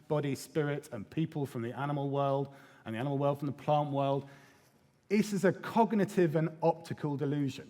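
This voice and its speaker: Guy giving a conference talk, fairly high voice, lively and a bit sweary, big hall echo. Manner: lively and irreverent, with casual swearing and acted quotes. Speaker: conference speaker. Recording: long hall reverb.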